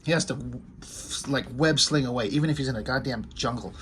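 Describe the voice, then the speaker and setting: Rambling, enthusiastic comic book fan. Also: male voice, medium pitch, brisk, fairly bright tone, slight background noise. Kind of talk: casual video commentary.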